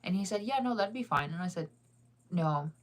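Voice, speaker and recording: A young woman telling a dating story in a casual, animated way, laughing often and jumping higher when she quotes herself. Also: brisk.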